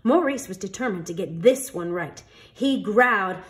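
A woman reading a picture book aloud with an expressive storytelling delivery. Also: mid-range voice, moderate pace. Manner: expressive, animated read-aloud.

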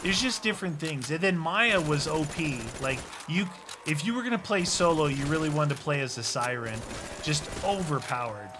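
A man co-hosting a gaming channel, chatting excitedly while playing a co-op game. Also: on the high side, moderate pace. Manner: chatty, excitable, talks over gameplay. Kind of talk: casual gameplay chat. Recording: game audio noise behind.

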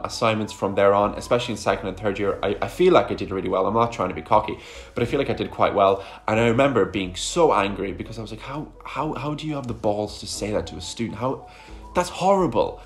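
Young guy rambling storytime vlog, lots of likes and ums, lowish voice. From Ireland. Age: young adult. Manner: chatty, frequent fillers and asides. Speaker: vlogger. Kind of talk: casual storytime chat.

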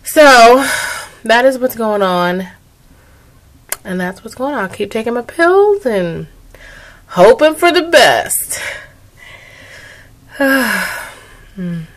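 A woman's voice: on the high side, big pitch swings, slow pace, pauses often, a bit bright. A young adult woman talking through her video diary, weary and emotional, rambling. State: tired. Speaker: vlogger.

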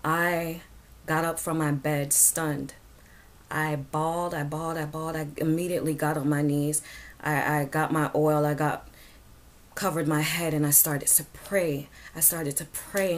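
A woman's voice: deep voice, level tone, measured pace. A woman earnestly recounting a prophetic dream in emotional, repetitive phrases. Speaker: prophetic testimony speaker.

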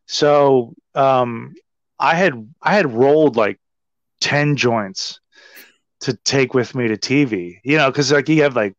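A man guest telling a story in a casual, animated and profane way, full of "like". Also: mid-range voice, slow, dry recording. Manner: animated, profane, heavy use of "like". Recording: slightly dull, dry sound.

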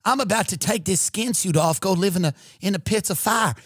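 A man's voice: high-pitched, brisk, fairly bright tone, breathy edge, no room sound, clean studio sound. A man impersonating a greedy, blunt old Southern senator in a sassy drawl. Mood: blunt crude.

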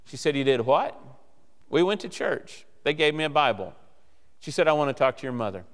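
A male guest preacher delivering a sermon, telling stories and acting out the dialogue with lively shifts. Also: a little high, brisk. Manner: animated storyteller acting out dialogue. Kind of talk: sermon storytelling. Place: church sanctuary. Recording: church hall reverb.

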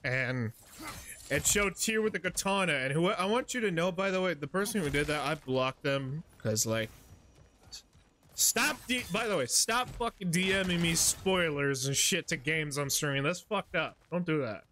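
A man's voice: fairly high pitch, expressive, moderate pace, pushed and bright, a little hiss or hum. A man streaming a video game, ranting and mocking in profane casual commentary.

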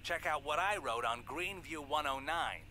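A man's voice: fairly high pitch, expressive, normal speed, sharp tone. A man voicing a streetwise male criminal partner in a video game, giving casual instructions in a laid-back, bossy way. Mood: instructing. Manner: laid-back, gives orders. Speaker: game character. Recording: game audio over background music.

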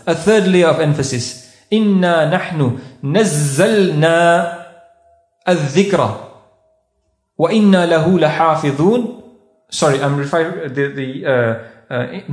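A preacher with a high-pitched voice addresses a mosque congregation. He patiently unpacks Arabic terms and repeats his points for weight. His voice rings through a reverberant hall. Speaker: mosque speaker. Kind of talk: sermon.

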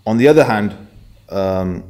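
A man lecturing a class in a deliberate, explanatory way, often pausing to check that his students follow. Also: on the low side, expressive, dark tone.

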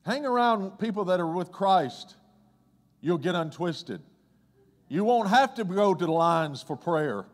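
High-voiced man preaching in a reverberant hall. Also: unhurried. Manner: conversational preaching, swinging from loud excitement to hushed low tones. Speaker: pastor. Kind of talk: sermon.

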